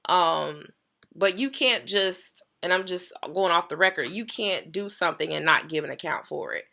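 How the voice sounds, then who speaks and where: A woman's voice: on the low side, moderate pace, creaky, pushed and bright. A woman pastor sharing a personal story in an earnest, emphatic way, repeating key phrases.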